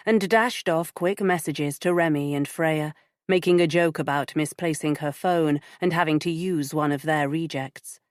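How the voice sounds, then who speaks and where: A woman narrating an audiobook in a measured, even storytelling manner. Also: sits low, no echo, clean studio sound. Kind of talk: scripted narration.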